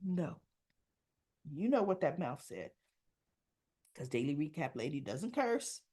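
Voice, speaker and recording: Slow-talking woman recapping a soap. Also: deep voice, husky. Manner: slow, animated retelling with quoted dialogue. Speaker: soap opera recap host. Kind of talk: casual episode recap.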